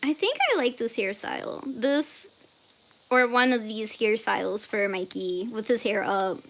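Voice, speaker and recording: Young woman, high bright voice, unhurried, casual chat while drawing, reads chat aloud. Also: a little hiss or hum. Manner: reads chat messages aloud, laughs often, squeals when surprised. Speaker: art livestream host.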